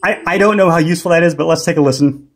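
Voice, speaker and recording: A man with a husky, slightly breathy voice sitting a little high in his range walks through a synth feature in a relaxed tutorial. He talks unhurriedly, trailing into ums and restarting phrases as he thinks aloud. Faint synth notes play behind him. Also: racing, soft background music. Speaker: music gear tutorial host. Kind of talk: casual instructional demo.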